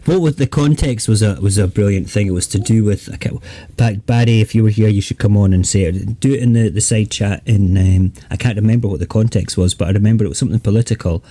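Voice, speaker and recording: Scottish guy hosting a late night stream, low mellow voice, rambly and jokey. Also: fast, few pauses. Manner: rambling, jokey, trails off and restarts. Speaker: host of a live chat stream. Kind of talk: late-night casual chat.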